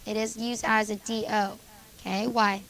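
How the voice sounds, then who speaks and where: A woman teacher going over grammar exercises with a junior high class, calling on students by name and confirming their answers. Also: level tone, moderate pace, fairly bright tone, rough recording. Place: school classroom.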